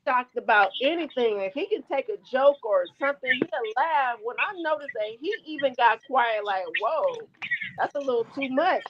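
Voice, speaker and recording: A woman's voice: high voice, lively intonation, normal speed, muffled recording. A woman co-hosting a livestream, ranting bluntly and with heavy profanity. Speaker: livestream co-host. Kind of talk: heated live-stream commentary.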